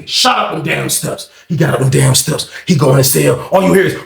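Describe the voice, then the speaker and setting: A man telling a story casually, animated and profane, acting out scenes with sound effects. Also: fairly high pitch, fairly quick, creaky, echoey room, noisy background.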